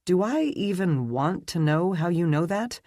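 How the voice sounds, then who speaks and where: A man's voice: sits high, expressive, moderate pace, darkish tone, no echo, clean studio sound, voice pushed up. A male audiobook narrator voicing a shy but bold young woman who teases and scolds. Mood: exasperated, teasing. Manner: teasing, exasperated.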